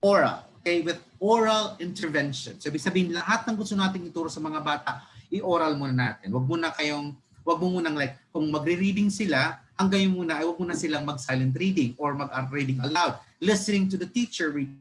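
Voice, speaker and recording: A man's voice: on the high side, fast talker, fairly bright tone, slight background noise, poor audio. A man with a Filipino accent giving an online training lecture for teachers, mixing Tagalog and English, often restarting words and checking in with his listeners. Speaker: webinar speaker on reading instruction.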